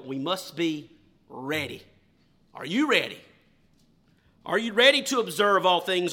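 His sermon pairs loud, slow, driving emphasis with sudden hushed questions directed at the congregation. The man's voice is high and bright, and he talks as if addressing his own church.

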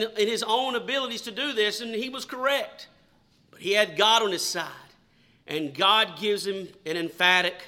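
A male pastor delivers a sermon in a high voice with a very sharp, bright edge. He preaches emphatically and questions his congregation. He also reads scripture aloud.

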